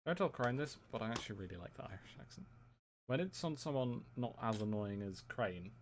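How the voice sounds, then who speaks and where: A man's voice: medium pitch, lively intonation, fairly quick, a little hiss or hum. A young man from England, chatting casually with his live-stream audience in a dry, teasing way while building a set.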